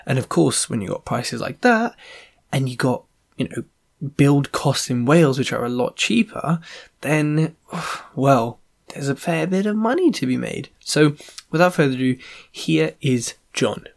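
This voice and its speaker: Male podcast host, chatty, jokey, mid-pitched voice. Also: animated, creaky. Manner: chatty, jokey, quick asides. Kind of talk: casual podcast interview.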